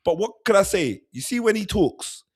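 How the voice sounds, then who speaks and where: Animated man talking football. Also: high voice, moderate pace, creaky, husky. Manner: animated, acts out players' thoughts, laughs often. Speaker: podcast co-host. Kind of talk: casual football chat.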